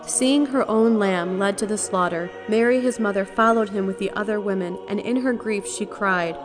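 A woman giving a measured, reverent reading of liturgical texts. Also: mid-range voice, over music.

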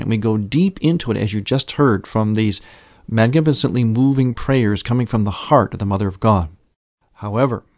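A man's voice: medium pitch, darkish tone, dry recording. A man giving thoughtful, explanatory religious commentary on a radio program. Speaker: radio commentator on Eastern Christian liturgy.

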